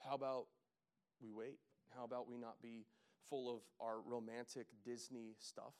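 Man, pastor, casual sermon, jokey asides, loud emphatic peaks, mid pitch. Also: flat delivery, normal speed, smooth. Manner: casual, joking, builds to loud emphatic preaching.

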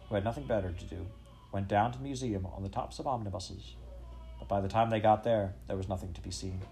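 A man narrating a children's story in an expressive, measured reading. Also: fairly low pitch, poor audio. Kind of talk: audiobook storytelling.

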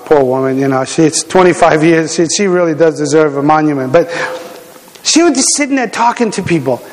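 A middle-aged man with a notably high voice delivers a sermon in a large hall, with long reverb trailing off his words. He tells stories in an animated, conversational way, stumbling and restarting often with "you know." His speech fills the room like a pastor speaking to a congregation. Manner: animated storytelling with many fillers and restarts.

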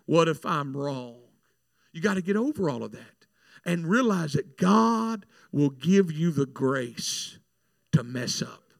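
A man, a minister, telling a testimony in a sermon with animated storytelling and repeated words. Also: on the high side, vocal fry, no echo. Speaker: minister praying at altars.

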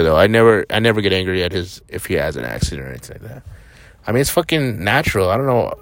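A man's voice: fairly low pitch, dry recording. A young man from New Mexico hosting a podcast, rambling in a casual monologue from a parked vehicle, blunt, profane and defiant. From Albuquerque, New Mexico. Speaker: podcast host.

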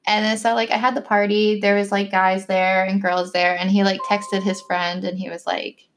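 A woman's voice: mid-range voice, flat delivery, normal speed. A young woman talks casually, stringing her story together with endless "like" fillers. She drops in little acted-out bits of what people said, keeping the tone loose and conversational. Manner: chatty storytelling, constant "like" fillers, acts out quotes. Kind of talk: casual chat.

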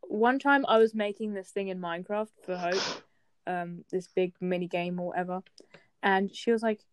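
A woman's voice: mid-range voice, normal speed, clean tone, no echo. A teenage girl co-hosting a casual chat, telling stories and teasing while laughing often. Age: teens. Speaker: co-host.

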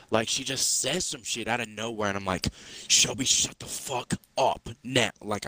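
Blunt, swearing young man, low voice. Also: pushed and bright, poor audio. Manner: blunt, swears a lot, rambling with many fillers. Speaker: podcast co-host. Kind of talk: casual chat.

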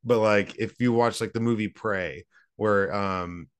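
A man's voice: fairly low pitch, unhurried, clear, resonant tone. A man co-hosting a podcast, laid-back and goofy in casual chat. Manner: laid-back, goofy, does silly voices. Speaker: podcast co-host.

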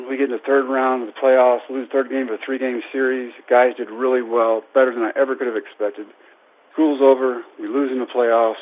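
A man in his thirties, a baseball coach, telling a lively personal story to an audience and acting out the voices in it. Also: medium pitch. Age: 30s. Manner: animated, acts out quoted voices. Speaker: baseball coach and public speaker. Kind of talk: storytelling speech. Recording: tinny phone-like radio broadcast.

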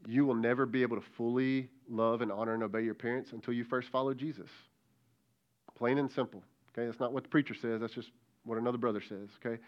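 A man's voice: medium pitch, steady tone, fast, lo-fi sound. A middle-aged man, a lead pastor, preaching a conversational sermon and calling out directly to kids and students.

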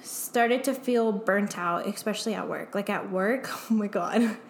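A woman's voice: medium pitch, unhurried, a little hiss or hum. A young woman as a guest, speaking candidly and emotionally in a casual chat, full of "like" fillers and swearing. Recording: echoey room.

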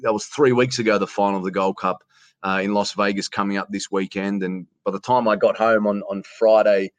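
A middle-aged Australian man chatting on an interview in a lowish voice. He restarts words often and drops in mate every few lines. The sound is dry and close. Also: fairly even intonation, brisk, no room sound. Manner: warm, says mate often, repeats words. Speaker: guest, sports announcer. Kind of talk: casual conversation over a call. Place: hotel quarantine room.

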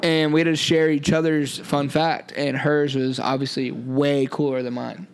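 A young man with a gravelly, slightly raised voice co-hosts a casual podcast chat. He talks in a loose, joking way, full of ums and restarts. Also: a little high, flat delivery, moderate pace, slight background noise. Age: young adult. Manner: laid-back, filler-heavy, joking. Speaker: podcast co-host.

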